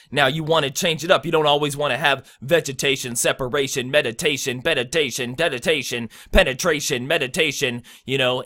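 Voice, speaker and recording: A young man talks through rap rhyme techniques in a relaxed, slangy tutorial tone. He fills his sentences with ums and casual asides. His voice sits at an ordinary middle pitch. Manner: laid-back, slangy, filler-heavy. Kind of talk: casual instructional talk.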